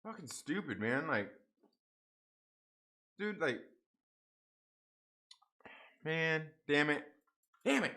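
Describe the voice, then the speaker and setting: A man's voice: on the high side, big pitch swings, drawn-out words, long pauses, pushed and bright. A young man hosting a casual livestream, swearing and grumbling about a technical mix-up while reading out viewer chat. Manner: frustrated, swearing, laughing off a stream mix-up. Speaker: livestream host.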